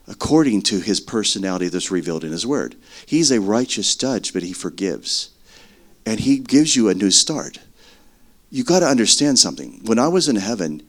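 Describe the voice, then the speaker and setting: A middle-aged man preaching a sermon as earnest testimony, swinging between loud stretches and hushed ones. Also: on the low side.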